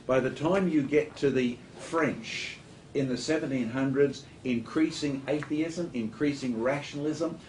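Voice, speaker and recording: A man's voice: medium pitch, unhurried, slight background noise. Lecturing man in a roomy studio. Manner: lecturing, animated storyteller with joking asides. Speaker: guest speaker. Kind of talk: studio talk show discussion.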